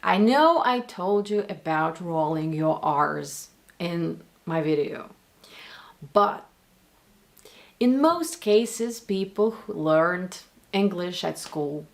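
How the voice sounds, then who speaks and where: A woman's voice: lowish voice, gravelly. A Russian-accented woman from Russia teaching pronunciation, demonstrating sounds by repeating words and single sounds. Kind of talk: pronunciation lesson commentary.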